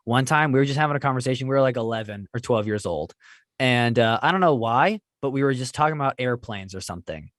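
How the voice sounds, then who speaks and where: A man's voice: mid-range voice, animated, fast talker, fairly bright tone, no room sound, studio quality. A man in his twenties, a podcast co-host and comedian, telling stories in a rambling, self-deprecating way. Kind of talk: casual chat, storytelling.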